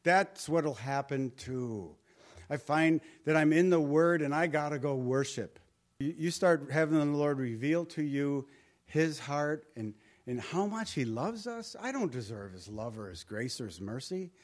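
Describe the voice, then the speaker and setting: A male pastor delivering a sermon with a slightly high-pitched voice. He speaks conversationally and leans on rhetorical questions. His tag lines drop soft and low. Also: expressive, a little slow.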